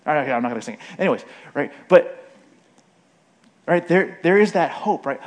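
A man's voice: fairly high pitch, expressive, a little fast. A man giving a conversational sermon, often checking in with "right?" and briefly acting out the voices of the people he quotes. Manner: frequent "right?" tag questions, acts out quoted voices. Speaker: preacher.

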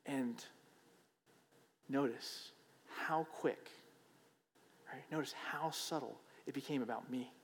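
A man's voice: mid-range voice, slow pace, pauses often. A man preacher giving a sermon in a conversational, emphatic way, often checking in with "right?". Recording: long hall reverb.

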